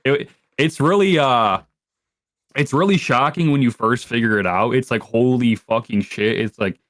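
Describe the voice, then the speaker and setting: A man's voice: mid-range voice, normal speed, fairly bright tone, no echo, studio quality. A young adult man talking as a podcast guest in a rambling, profane way, full of filler words. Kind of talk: casual podcast chat.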